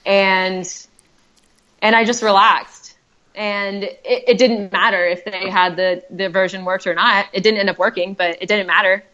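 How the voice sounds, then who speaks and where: A woman's voice: mid-range voice, steady tone, unhurried, bright, forceful tone, muffled recording. A woman telling her own story as a podcast guest, chatty and heartfelt, with many fillers and restarts. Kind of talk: personal storytelling.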